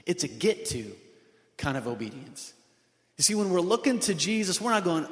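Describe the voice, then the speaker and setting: A man with a slightly high voice preaches an earnest sermon, asking his congregation question after question. His voice rings around a large church hall with a long, roomy echo. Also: expressive, moderate pace. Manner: earnest, many rhetorical questions. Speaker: pastor. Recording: echoey hall with long reverb.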